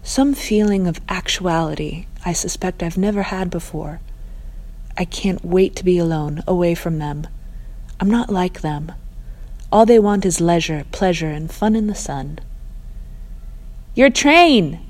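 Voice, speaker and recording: A woman narrating a first-person story in a calm, measured reading voice. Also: on the low side.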